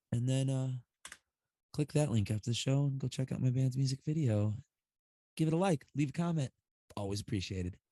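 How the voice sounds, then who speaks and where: A man's voice: medium pitch, darkish tone, no echo. A man co-hosting a casual livestream, talking loosely and profanely and laughing often. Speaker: livestream co-host mixing e-liquids.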